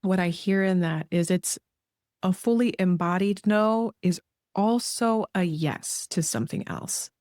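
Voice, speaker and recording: A woman's voice: fairly low pitch, measured pace, a little mellow, no room sound, studio quality. A woman hosting a podcast who responds to her guest in a reflective, thoughtful way. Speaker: podcast host. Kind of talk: reflective interview talk.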